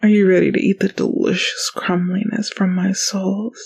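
An actress playing a playful, bossy young woman with a husky voice. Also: medium pitch, little pitch movement, normal speed, darkish tone. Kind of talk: adult audio role-play.

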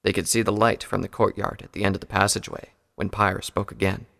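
Gravelly low-voiced male narrator. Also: level tone, fast, bright, forceful tone. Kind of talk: audiobook reading of fan fiction. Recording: long hall reverb.

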